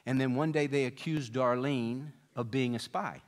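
Pastor, male, mid-pitched voice, storytelling sermon delivery, animates quoted speakers. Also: fairly even intonation, moderate pace. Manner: storytelling, voicing quoted people with rising pitch and volume.

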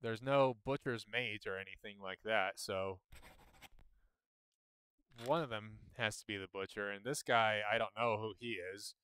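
A man streaming a game, chatting and thinking aloud as he plays, with sudden jumps in pitch when excited. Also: unhurried, clean tone. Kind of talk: casual gameplay commentary.

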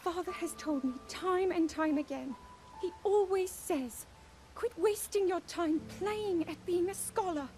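A weary young princess scholar. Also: female voice, very high-pitched, a little slow, darkish tone, faint music behind. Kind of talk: game voice acting.

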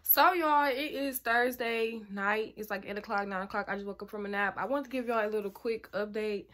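A woman's voice: medium pitch, fairly quick, a bit bright. A young woman vlogging casually, rambling to her viewers in slang and swearing freely. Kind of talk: casual vlog talk to camera.

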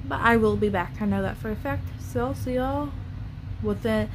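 A woman's voice: a little high, normal speed, slight background noise. Blunt, cursing woman on a vlog rant. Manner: blunt, profane, ranting. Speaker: YouTuber.

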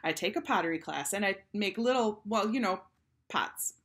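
A woman's voice: mid-range voice, expressive, a bit bright, pitched above the performer's own voice. A woman voicing a chatty, nervous little first-grade girl in a storybook read-aloud, hesitant and stammering. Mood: fibbing. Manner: hesitant, stammering, talks fast when cornered.

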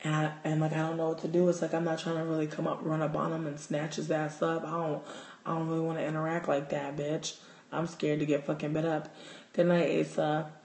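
Profane, animated man telling a story. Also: on the high side, a little fast. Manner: animated, profane, gets loud and excited in the telling. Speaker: livestream host. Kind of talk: casual storytelling. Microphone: phone. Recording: roomy echo.

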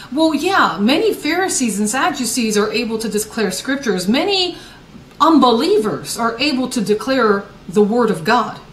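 A woman's voice: fairly high pitch, far from the mic, slight background noise. A woman evangelist preaching a sermon broadcast, emphatic, often restarting her phrases as she works toward a point. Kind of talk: sermon broadcast with scripture reading. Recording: roomy echo.

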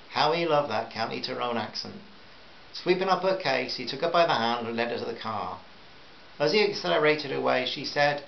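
A man reading a novel aloud at a measured pace with small stumbles, in a roomy, slightly dull recording with faint hiss. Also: mid-range voice, gravelly. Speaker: audiobook narrator.

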